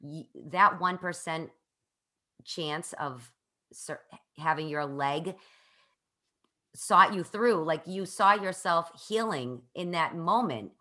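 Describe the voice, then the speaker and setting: A woman's voice: lowish voice, slow, pauses often, sharp tone. A woman hosting an interview, talking earnestly and at length, often restarting her sentences. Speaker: podcast host. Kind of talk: conversational interview.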